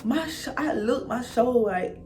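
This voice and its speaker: Animated young woman telling a storytime. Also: fairly high pitch, normal speed, heavy background noise. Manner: animated, profane, addresses viewers directly. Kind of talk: casual storytime monologue.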